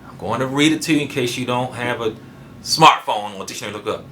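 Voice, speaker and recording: A man preaching a sermon emphatically, dropping into low quiet asides and stressing single words hard. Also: fast talker, slight background noise.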